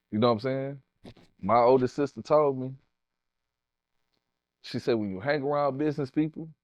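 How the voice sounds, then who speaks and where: A man's voice: mid-range voice, no room sound, lo-fi sound. Profane man telling stories. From Houston, Texas. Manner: profane, animated, street slang. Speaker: guest, tattoo artist. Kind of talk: casual storytelling interview.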